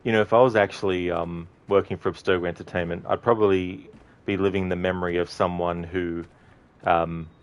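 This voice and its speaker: A man's voice: deep voice, fairly even intonation, brisk, clear, resonant tone. A man giving casual gameplay commentary, rambling, swearing casually and laughing often. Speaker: game commentator.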